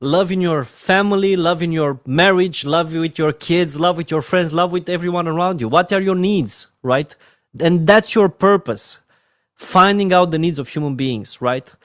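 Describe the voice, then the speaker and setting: An emotional man with a Romanian accent leads a motivational training session, pleading and heartfelt. His voice sits fairly high for a man, and the sound is dry and close. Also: moderate pace, no room sound. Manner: earnest, emotional, repeats "my friends" softly. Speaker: network marketing trainer.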